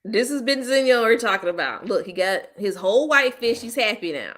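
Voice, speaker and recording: A woman's voice: fairly high pitch, animated, fairly quick. Blunt, laughing woman podcast host. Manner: laughs often, loud playful bursts; slangy, blunt and teasing. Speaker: host of a commentary channel. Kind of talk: casual chat reacting to viewers.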